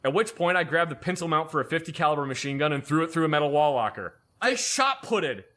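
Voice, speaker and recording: A man, an army veteran, telling a story in a casual podcast chat in an animated and profane way. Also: on the high side, very fast.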